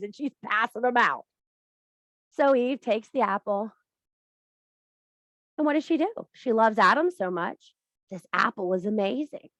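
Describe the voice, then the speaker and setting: A woman leading a workshop who retells an old story in a profane, animated lecture and speaks straight to her audience. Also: on the high side, moderate pace, pauses often, no room sound. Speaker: workshop leader.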